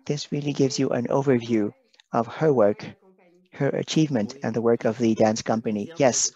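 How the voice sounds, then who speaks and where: A man speaking on a video call, halting and emotional, pausing and apologizing as he talks. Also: mid-range voice, mellow. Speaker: guest presenter. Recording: dull lo-fi video call audio.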